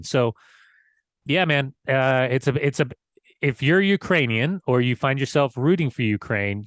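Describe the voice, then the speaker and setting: A man co-hosting a podcast, a former player chatting casually, relaxed with halting restarts. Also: medium pitch, no room sound, studio quality. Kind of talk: casual chat.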